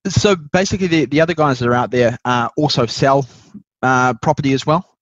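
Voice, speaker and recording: A man from New Zealand with a Kiwi accent that slides toward Australian talks casually as an interview guest, easygoing and calling people "mate". His voice is mid pitched. The sound is dull and muffled, as over a remote line, and dry. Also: fairly quick, dry recording. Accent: New Zealand with some Australian. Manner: relaxed, says "mate", restarts often. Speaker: guest, buyer's agent.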